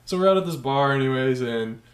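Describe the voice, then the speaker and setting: A man's voice: mid-range voice, brisk. Young guy ranting through a story, cusses a lot, kinda roomy echo on the mic. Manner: profane, animated storytelling. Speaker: podcast co-host telling a story. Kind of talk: casual podcast chat.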